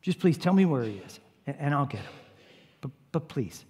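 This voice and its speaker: A man voicing a grieving woman who is desperate and indignant, pleading in broken, halting phrases, with a long hall reverb behind him. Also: fairly high pitch, expressive, a little mellow, husky. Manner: pleading, breaking into broken restarts.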